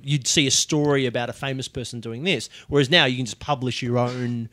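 A man's voice: mid-range voice, fairly quick, few pauses, pushed and bright, no room sound. A man chatting loosely on a comedy podcast, restarting his thoughts as he goes. His voice is dry and close, with no room sound. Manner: rambling, self-interrupting musings. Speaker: podcast co-host. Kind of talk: casual banter.

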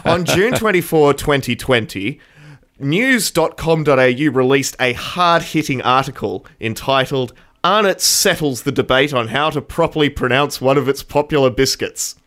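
A man's voice: mid-range voice, lively intonation, moderate pace, a bit bright. A man co-hosting a casual podcast, reading out facts and laughing often. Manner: giggly, reads facts aloud, loses his place.

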